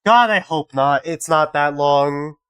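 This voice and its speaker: A man's voice: fairly high pitch, takes it slowly, smooth. A man streaming a game, commenting casually with lots of swearing and exasperation. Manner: profane, exasperated, animated. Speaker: let's-play streamer.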